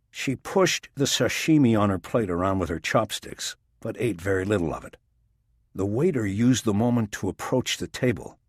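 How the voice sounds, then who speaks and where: A man giving a steady, even scripted narration of a crime audiobook. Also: lowish voice, moderate pace, slightly rough, no echo, studio quality.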